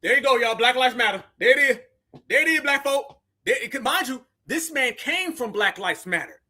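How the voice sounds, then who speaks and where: A man's voice: extremely high pitch, expressive, normal speed, bright, forceful tone. A man reacting to news clips in heated, slang-heavy commentary, mocking and scolding as he talks.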